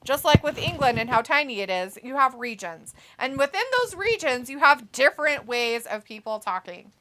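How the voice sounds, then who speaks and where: A woman's voice: sits high, animated, moderate pace, pushed and bright. A woman co-hosting a casual livestream, reading chat messages aloud and laughing often. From United States. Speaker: co-host reading live chat.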